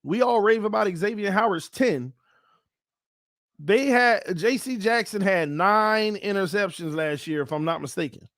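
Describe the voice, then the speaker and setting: A man hosting his own sports fan channel, giving casual commentary to viewers in a playful, excitable way. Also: sits high, measured pace, no echo, clean studio sound. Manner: playful, excitable, swings between calm and shouting.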